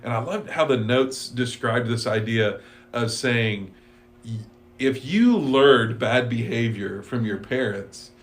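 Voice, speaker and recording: A man's voice: medium pitch, expressive, slow pace. A man teaching a church Bible class, talking conversationally and reading scripture and quotes aloud. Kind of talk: casual Bible study discussion.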